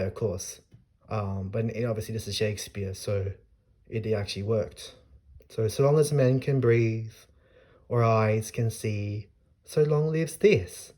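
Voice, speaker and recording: A man's voice: lowish voice, dark tone. A man casually explaining a poem, thinking aloud with frequent hesitations and restarts. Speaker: literature explainer. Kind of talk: casual spoken poetry analysis.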